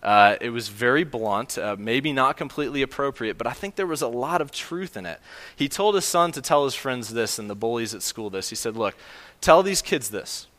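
Male pastor mid-sermon; bright, forceful tone, earnest and emphatic delivery. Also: mid-range voice, lively intonation, brisk, in a large hall. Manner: earnest, emphatic, with fillers and restarts.

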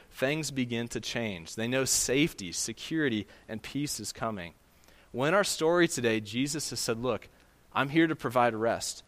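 A middle-aged man preaches a sermon in an expressive pastoral voice. He moves briskly through asides, then lets key sentences sink into a quiet, emphatic close. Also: medium pitch.

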